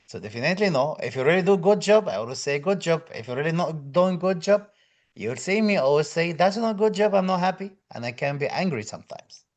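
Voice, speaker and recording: Guy running a live exam prep stream, kinda high voice, chatty, greets everyone and reads comments out loud. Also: animated, a little fast. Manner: non-native English phrasing with fillers. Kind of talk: casual live-stream chat with students.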